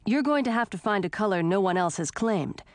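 A woman's voice: mid-range voice, expressive, fairly quick, no room sound, lightly acted. Unbothered, wry male herald read by a woman, dry close sound. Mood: matter-of-fact. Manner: matter-of-fact, lightly teasing.

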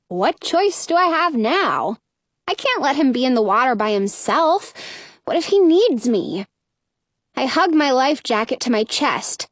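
Woman reading a kids story, high animated voice, dry close sound. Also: a little slow, dry recording. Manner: expressive, lively character reading. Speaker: audiobook narrator. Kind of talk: first-person storybook narration.

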